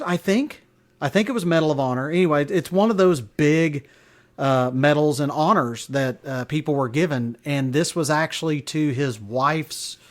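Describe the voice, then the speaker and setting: Man, podcast host, casual monologue, rambling, chuckling, fillers, slightly high voice.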